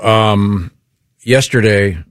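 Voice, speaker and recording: A man hosting a radio talk show, chatting with co-hosts and teasing upcoming segments. He talks with a low voice and pads his lines with fillers. The booth sound is dry. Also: drawn-out words, no room sound. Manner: hesitant, many fillers. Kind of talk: casual chat and segment links.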